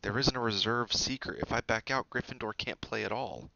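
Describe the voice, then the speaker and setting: A man voicing an earnest young schoolboy hero, often hushed, in a storybook reading. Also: medium pitch, fairly quick, vocal fry, no room sound, lo-fi sound.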